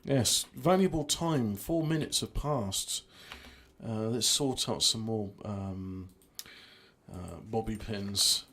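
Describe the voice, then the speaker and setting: A man's voice: lowish voice, slow pace, fairly bright tone. A man giving rambling, self-mocking commentary while playing a video game. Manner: self-mocking, trailing off, lots of restarts. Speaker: gameplay streamer.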